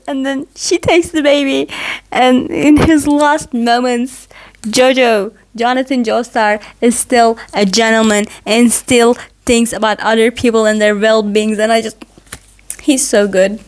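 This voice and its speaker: A woman's voice: fairly high pitch, steady tone, a little slow. A woman vlogger gushing about a show she loves, in a rambling, casual recap full of "like.".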